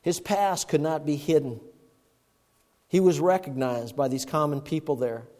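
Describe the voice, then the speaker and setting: A male preacher giving a sermon, swinging from loud emphatic bursts to hushed murmurs. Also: on the high side, a little slow. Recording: long reverb of a large hall.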